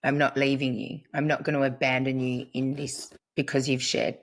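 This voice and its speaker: Middle-aged woman, deep voice for a woman, earnest, reflective interview talk. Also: little pitch movement, normal speed. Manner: earnest, storytelling, quotes herself. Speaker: podcast guest, family constellations practitioner.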